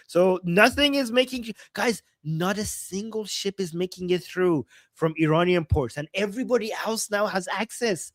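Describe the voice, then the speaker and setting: A woman's voice: on the low side, moderate pace, no echo. A woman co-hosting a livestream, commenting casually and animatedly, often laughing and mimicking voices. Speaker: livestream co-host.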